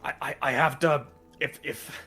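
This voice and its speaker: A man's voice: mid-range voice, fairly even intonation, racing, pushed and bright, voice pushed up, natural voice. A man voicing a panicked captive male doctor who stammers and rambles in a tabletop game. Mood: frantic. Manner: stammering, frantic, pleading.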